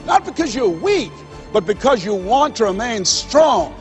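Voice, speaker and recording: A man giving a motivational speech, telling stories and swinging between loud exhortation and hushed, confessional moments. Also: very high-pitched, sing-song, a little slow, lo-fi sound, soft background music. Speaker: motivational speaker.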